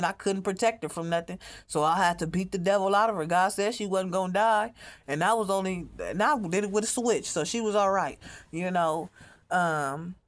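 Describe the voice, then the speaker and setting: A woman speaking in a rambling, profane monologue as a mother telling her own story, often repeating herself. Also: lowish voice. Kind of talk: emotional monologue to camera.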